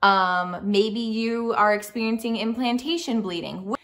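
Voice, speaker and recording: A young adult woman vlogging in a chatty, excited way, with frequent fillers and restarts. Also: on the high side, measured pace. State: speaking softly near a sleeping baby. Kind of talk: casual storytelling vlog.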